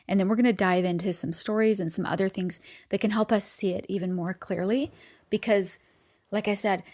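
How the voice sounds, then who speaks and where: A woman's voice: lowish voice, darkish tone. A middle-aged woman hosting a podcast, giving casual motivational talk in a conversational way, with frequent laughs and fillers. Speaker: podcast host.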